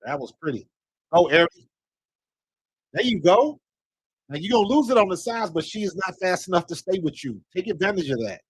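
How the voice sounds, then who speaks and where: A man giving excited live fan commentary on a basketball game, talking to the players as if coaching them and scolding missed shots. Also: high voice, brisk, long pauses, breathy edge, dry recording. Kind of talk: live watch-along commentary.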